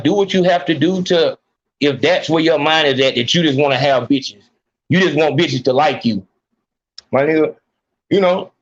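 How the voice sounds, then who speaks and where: A man's voice: a little high, dull audio. A man hosting a podcast, ranting bluntly with heavy slang and swearing. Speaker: podcast host. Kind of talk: profane ranting commentary.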